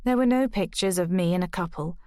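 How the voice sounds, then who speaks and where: A woman narrating a first-person audiobook in a measured, even storytelling delivery. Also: on the low side, dry recording, studio quality.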